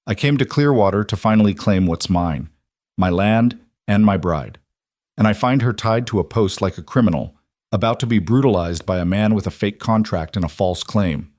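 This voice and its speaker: A man voicing a quiet young cowboy stranger who stays calm and measured even when threatening. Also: on the low side, no echo, studio quality, natural voice. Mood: cool.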